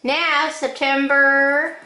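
A woman giving a drawing lesson, calling out short steps one at a time in a slow, patient way. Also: high-pitched, flat delivery, bright, forceful tone, roomy sound. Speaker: drawing teacher. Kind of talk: step-by-step drawing instruction.

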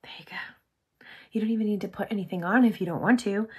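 A woman hosting a casual makeup tutorial, bubbly and chatty, full of "like", often dropping to a soft whisper. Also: medium pitch, quick pace, breathy edge. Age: adult with sons. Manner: bubbly, chatty, heavy use of "like".

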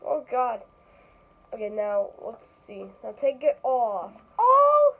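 Excitable high-voiced woman playing games. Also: slow pace, narrow, tinny audio. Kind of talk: casual game role-play chat.

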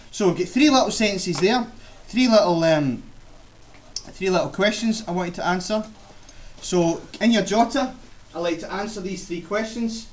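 High-voiced male teacher in an echoey classroom. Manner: explains step by step, checks in with "okay?". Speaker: science teacher. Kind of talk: classroom instruction. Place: school classroom. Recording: echoey classroom, mic far off, faint hiss.

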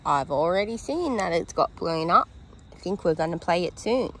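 A woman's voice: on the low side, lively intonation, normal speed, a bit bright, slight background noise. A woman who works at a dog daycare, filming outdoors on her phone and cooing praise at the dogs in a sing-song voice. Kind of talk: casual vlog narration, talking to dogs. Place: outdoor dog play yard. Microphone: handheld phone camera.

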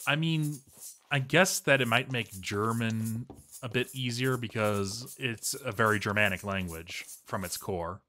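A man's voice: fairly low pitch, measured pace, bright, forceful tone, a little hiss or hum. A man giving casual, rambling and playful commentary while he plays a game, chatting to his viewers.

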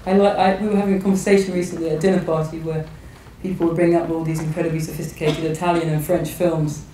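A novelist in her thirties from England speaks thoughtfully in a public conversation, often hesitating and starting her sentences over. She talks fast in a deep, warm voice with little pitch movement. The recording comes from afar in a large, echoey hall with slight background noise.

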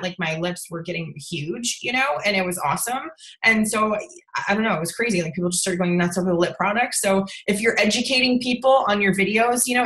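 A young woman leading a casual sales training over a video call, chatty and animated, with lots of fillers and laughter. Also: roomy sound. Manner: acts out quoted voices with big pitch jumps. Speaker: sales team leader training her team.

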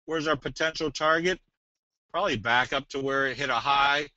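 A man presenting a trading webinar in a casual, folksy way, slipping in jokes and a sales pitch. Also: normal speed, sharp tone, no echo. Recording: dull, dry webinar audio.

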